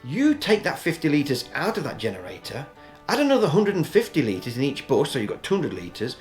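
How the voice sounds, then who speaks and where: A man's voice: fairly high pitch, huge pitch swings, fairly quick, soft background music. A man giving casual, opinionated commentary as a news vlogger, talking in a chatty, rambling way with many ums and restarts.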